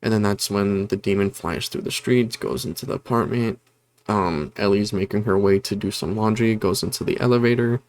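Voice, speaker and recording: For his review channel, a man casually recaps a horror movie's plot in a lowish, slightly mellow voice at normal speed, with no echo. He rambles, fills the gaps with fillers, corrects himself, and apologizes for being disorganized.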